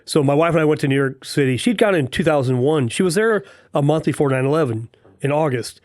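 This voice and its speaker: A man's voice: a little high, animated, fast talker, dry recording. Chatty middle-aged male host, dry sound. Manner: chatty, frequent short reactions. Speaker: podcast host. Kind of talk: casual interview chat.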